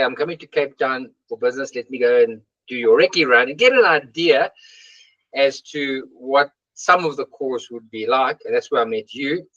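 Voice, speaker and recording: A man's voice: mid-range voice, a bit bright, no echo. A man telling trail running stories as an interview guest, chatty with restarts. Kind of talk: casual conversation. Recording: dull lo-fi sound.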